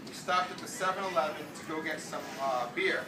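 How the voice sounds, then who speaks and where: A brash, self-mocking middle-aged comedian with a New England accent tells stories, his voice sitting a little high. He is picked up from far off by a camera in a roomy ship lounge, with a steady wash of noise over the sound. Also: fairly quick. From United States. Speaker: stand-up comedian. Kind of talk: stand-up storytelling. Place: ship lounge at a meet-and-greet. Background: audience laughter.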